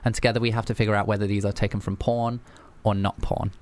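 A man from England hosting a casual chat show, animated, laughing often and restarting his sentences. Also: fairly low pitch, fast. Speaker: podcast host.

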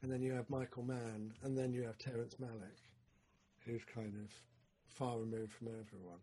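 A man co-hosting a podcast, chatting casually about films, excitable and rambling with lots of fillers. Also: mid-range voice, moderate pace, husky. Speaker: podcast co-host. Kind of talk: casual film chat.

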